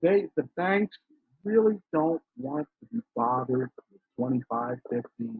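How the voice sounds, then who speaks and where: Husky man on a tinny line. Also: a little high, wildly swooping pitch, measured pace, dry recording. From Philadelphia, USA. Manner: emphatic, storytelling, acts out quoted dialogue. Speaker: financial consultant, guest. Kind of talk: casual interview talk. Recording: dry, tinny phone-like line.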